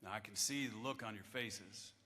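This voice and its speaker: A man in his fifties, a chaplain giving a devotional address to lawmakers in a wry, measured storytelling manner, at a podium microphone in a large chamber. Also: lowish voice, sharp tone. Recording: echoey hall with long reverb.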